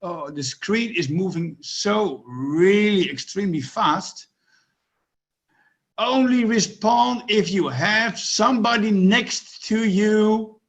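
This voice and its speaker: A man with a high voice co-hosts an online webinar. He gives brisk, practical instructions. He is heard through a video call mic. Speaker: webinar co-host.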